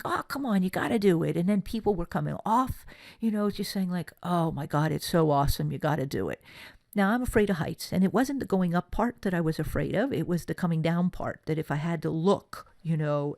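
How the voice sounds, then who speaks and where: A woman from California giving a motivational workshop talk, telling personal stories in a chatty, lively way. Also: lowish voice, gravelly, no echo. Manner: chatty storytelling, lively asides. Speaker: workshop presenter.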